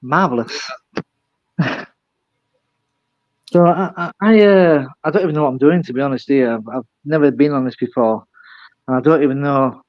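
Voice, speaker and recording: A man's voice: on the high side, moderate pace, long pauses, no room sound, lo-fi sound. An older man with a British accent, chatting casually as a guest, rambling and self-deprecating. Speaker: guest caller. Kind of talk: casual chat.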